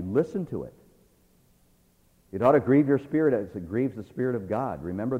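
A male preacher exhorting a church, moving between quiet asides and loud, emphatic passages. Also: a little high. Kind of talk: sermon. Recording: tinny phone-like sound with long reverb.

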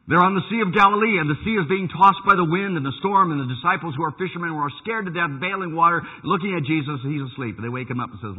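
Lively husky pastor telling bible stories, loud then hushed, sounds like a phone line. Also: male voice, high voice, quick pace. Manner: animated storytelling, swings from loud to hushed. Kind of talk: sermon.

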